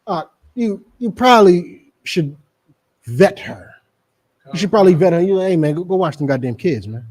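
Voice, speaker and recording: A middle-aged man preaches a street sermon with a New Jersey accent. His voice sits high for a man, and he drives every point home by repeating it. He slips into mocking asides along the way. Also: expressive, normal speed, darkish tone. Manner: emphatic, repetitive, mocking asides in character.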